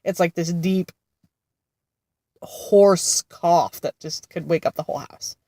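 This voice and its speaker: With a fairly low, mellow voice and a slow pace, a woman in her thirties chats casually while parked in a car-like space outside a therapy center. The vlogger and mother of two sounds congested from being sick, laughing and rambling about her kids with plenty of fillers. The audio has studio quality and no room sound.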